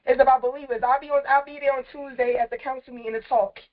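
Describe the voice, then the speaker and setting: A woman in her thirties, a community activist, ranting angrily with lots of swearing, her voice going hoarse. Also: high-pitched, steady tone, fast. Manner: angry, profane, shouting in bursts. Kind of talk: impassioned rant. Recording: dull lo-fi clip.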